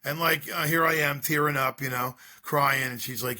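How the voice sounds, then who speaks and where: A man's voice: medium pitch, a little fast, hardly any pauses, pushed and bright. A middle-aged man, a school drug-prevention speaker, telling his story in an interview with earnest, repetitive rhetorical questions.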